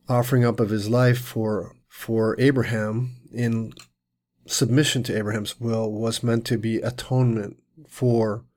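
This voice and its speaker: A man delivers a Bible teaching in an earnest, explanatory manner. His voice sits at a middle pitch, and he often stumbles and restarts his phrases as he works through the text. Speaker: Messianic teacher.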